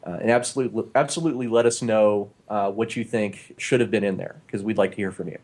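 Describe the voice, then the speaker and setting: Speaking fast in a lowish, steady, darkish voice, this podcast co-host rambles through casual chat full of filler words and restarts. He's using a new studio microphone in a small home studio.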